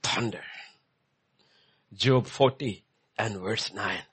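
A male preacher giving a sermon, swinging between hushed lines and loud emphatic ones. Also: lowish voice, slow pace, slightly rough.

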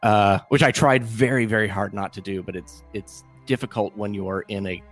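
A man's voice: fairly low pitch, fairly even intonation, moderate pace, soft background music. A man from Washington State hosting a podcast in casual chat, rambling with lots of fillers and restarts. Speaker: podcast host.

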